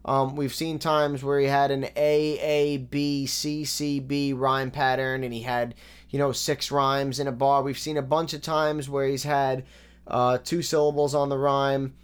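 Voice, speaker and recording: Smooth-voiced man breaking down rap lyrics. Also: mid-range voice, unhurried. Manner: analytical, relaxed, with frequent fillers. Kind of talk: casual breakdown commentary.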